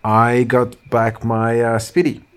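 A man's voice: mid-range voice, monotone, takes it slowly, clean tone. A man with a French accent, a podcast co-host telling a story in casual chat, full of fillers and restarts.

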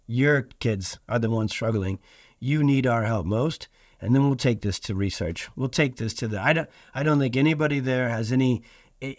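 Man, podcast host, middle-aged, earnest, emphatic, mid-pitched voice, dry close sound. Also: a little mellow, no echo. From Iowa. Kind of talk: podcast monologue.

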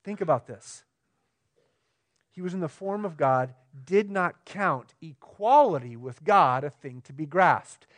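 Man preaching, loud then hushed. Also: expressive, a little slow. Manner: swings from emphatic to quiet and low; asks the room questions, conversational. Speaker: pastor. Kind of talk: sermon.

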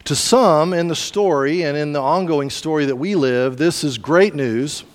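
A pastor delivering a sermon in a conversational, storytelling way with casual asides. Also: male voice, fairly high pitch, normal speed, big-room sound.

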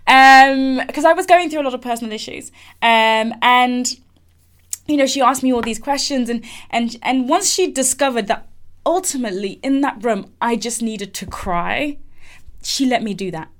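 A woman's voice: on the high side, moderate pace. A woman, candidly telling a personal story in a reflective way, with frequent fillers and restarts. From England. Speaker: speaker sharing a personal story.

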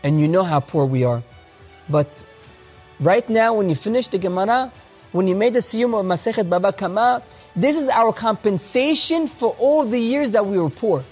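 A man's voice: fairly high pitch, big pitch swings, unhurried, long pauses, dark tone, slightly rough, faint music behind, full character voice. A man voicing a poor, devoted mother who speaks in a tender, heartfelt, solemn way.

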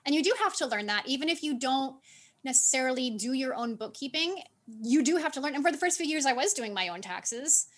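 High-voiced woman with a light Southern accent. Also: lively intonation, a little fast. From Southern United States. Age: 30s. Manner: upbeat, laughs easily. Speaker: guest, business owner. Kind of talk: casual interview chat.

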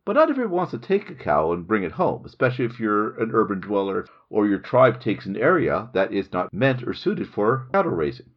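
A middle-aged man hosting a podcast, explaining a Bible chapter in a lively storytelling manner. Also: lowish voice, fairly quick, hardly any pauses, husky, lo-fi sound. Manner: lively explanatory storytelling, reads Hebrew aloud. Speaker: podcast host. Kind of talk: Bible study podcast lecture. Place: home recording room in the hills.

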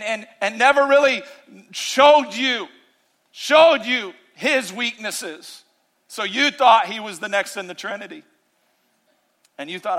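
Animated, bright-voiced preaching pastor. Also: male voice, sits high. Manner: animated preaching, swings from loud to hushed. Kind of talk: sermon.

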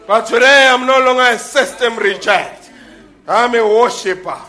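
A man preaching a fervent sermon in a church, often building into shouts. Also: very high-pitched, normal speed. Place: church before a congregation.

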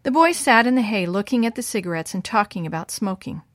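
A woman's voice: mid-range voice, quick pace, no echo. Woman reading a children's story. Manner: lively voices for the boys' lines. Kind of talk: scripted storybook narration.

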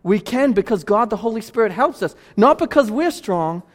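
A man preaching as pastor in a church, pressing his points with emphatic repetition. His voice sits high for a man. Long reverb rings off the sanctuary walls. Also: expressive, moderate pace. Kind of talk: sermon.

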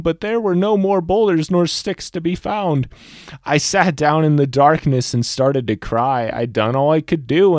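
A man's voice: medium pitch, a little mellow, no room sound, studio quality. A young man hosting a personal faith podcast, speaking earnestly and reading a rhymed poem aloud. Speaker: podcast host.

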